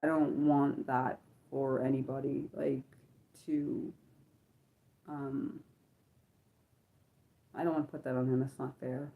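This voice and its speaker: A woman's voice: very deep voice, little pitch movement, takes it slowly, gravelly, pauses often, phone-quality sound. A young woman hosting an unscripted livestream, chatting in a rambling way with lots of filler words. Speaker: livestream host.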